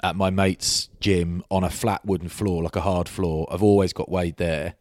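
A man with a very deep voice co-hosts a rugby chat, spinning long, matey anecdotes in a loose, casual way. His voice sounds dry and close to the mic. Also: flat delivery, moderate pace, darkish tone, no room sound. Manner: rambling anecdotes, matey banter. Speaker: rugby podcast co-host.

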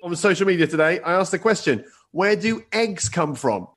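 High-voiced guy hosting a comedy podcast, reads listener answers, laughs a lot. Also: animated, moderate pace, fairly bright tone. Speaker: podcast host.

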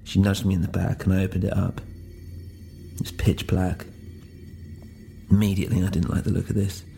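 A man's voice: deep voice, little pitch movement, moderate pace, creaky, warm tone, soft background music. A man narrating a first-person audio drama in a brooding, introspective way.

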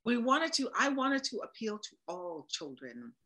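A woman's voice: a little high, big pitch swings, normal speed, fairly bright tone, poor audio. A woman, a voice actor and producer, talking animatedly and with emphasis as a guest in a casual interview.

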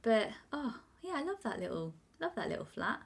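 A woman's voice: a little high, very animated, fairly quick, creaky, slightly rough. A young woman chatting easily as a podcast co-host. She tells stories against herself and laughs often. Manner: chatty, self-mocking storyteller, laughs often. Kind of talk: casual chat.

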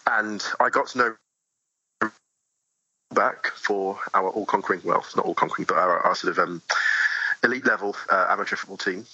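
A man talking as a podcast guest, animated and chatty with many asides, in a dull lo-fi remote recording. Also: low voice, normal speed, pauses often, husky. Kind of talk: casual interview conversation.

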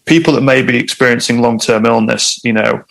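A man's voice: mid-range voice, level tone, fairly quick, creaky, a bit bright, low-quality recording. A man, a guest telling a personal story in conversation, candid and reflective.

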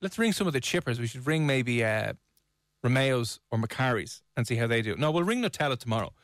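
A man's voice: mid-range voice, animated, a little fast, dry recording, clean studio sound. An Irish man co-hosting a radio show, joking and teasing in playful banter. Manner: teasing, puts on silly voices. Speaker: radio co-host.

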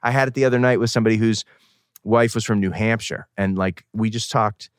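Middle-aged man from New England, low register, dry close mic, rambling and animated. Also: fairly quick, clean tone, no echo. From New England, outside Boston. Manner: rambling, animated storytelling with laughs and self-corrections. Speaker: guest musician. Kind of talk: casual interview talk.

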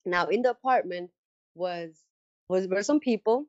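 A woman's voice: mid-range voice, a little slow, no echo. Woman telling her story on dull, dry audio. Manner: animated storyteller who acts out quoted dialogue; frequent fillers and restarts, casual phrasing. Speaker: interview guest. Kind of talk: telling a personal story in conversation.

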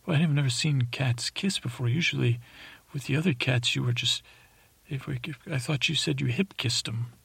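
A man's voice: medium pitch, moderate pace, vocal fry, a bit bright, husky, dry recording, heavily acted. A man putting on a raised, bewildered voice for himself in a bedtime story, stammering out questions. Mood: puzzled. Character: the narrator's own younger self, puzzled and questioning.

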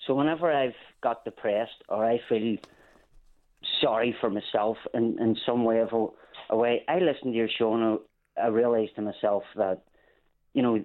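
A man from England calling in to a radio show, speaking earnestly and haltingly with many restarts. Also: on the low side. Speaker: caller. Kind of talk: phone-in call. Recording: phone line.

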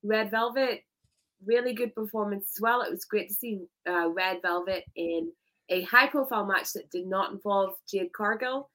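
A woman's voice: medium pitch, normal speed, bright, forceful tone, rough recording. A woman co-hosting a casual wrestling chat, enthusiastic and emphatic, laughing easily. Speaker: podcast co-host.

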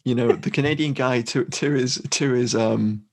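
A man's voice: medium pitch, normal speed, darkish tone. A man co-hosting a podcast, recapping a war horror film in a wry, rambling way with dry jokes. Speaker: podcast co-host. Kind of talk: casual film discussion.

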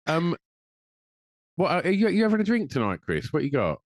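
A man's voice: on the high side, dry recording. A middle-aged man co-hosting a live podcast, joking and swearing freely in casual banter, with filler words along the way. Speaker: podcast co-host.

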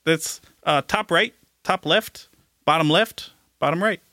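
A man's voice: fairly high pitch, measured pace, pushed and bright, no room sound, clean studio sound. An actor playing an evasive, apologetic hockey man visiting a small southern town, in an improv comedy podcast. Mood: sheepish. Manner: hesitant, chuckling, apologetic. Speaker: guest.

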